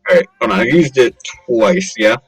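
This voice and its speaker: Playful giggly guy at a tabletop game, mid-pitched voice, soft music in the back. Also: expressive, normal speed, low-quality recording. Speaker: player. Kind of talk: casual tabletop game chat.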